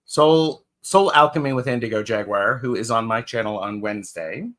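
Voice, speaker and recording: A man's voice: medium pitch, normal speed, fairly bright tone. A man co-hosting a live tarot stream in casual chat, greeting viewers by name with fillers and restarts.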